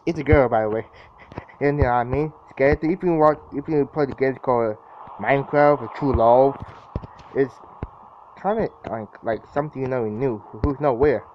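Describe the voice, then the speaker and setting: A man's voice: medium pitch, darkish tone. Jittery young man narrating gameplay, lo-fi mic. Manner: jittery, exclaims often, repeats himself. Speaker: gameplay commentator. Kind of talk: casual gameplay commentary. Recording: dull lo-fi mic with clear background noise.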